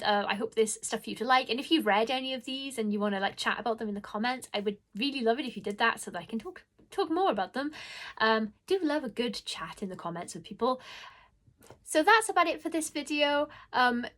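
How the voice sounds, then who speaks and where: A woman's voice: high voice, lively intonation, fairly quick, a bit bright. A woman casually recommending horror stories in a chatty, gushing vlog, with lots of fillers and restarts. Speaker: horror book reviewer.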